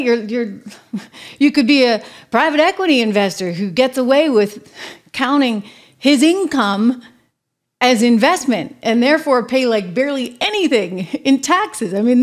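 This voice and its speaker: A woman hosting a political commentary show, emphatic and sarcastic, speaking straight to her audience. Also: sits high. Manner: emphatic, sarcastic asides, addresses the audience directly.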